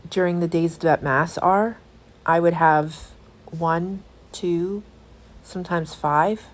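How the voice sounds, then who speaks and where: Woman, lowish voice, earnest vlog testimony, halting with fillers. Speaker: vlogger.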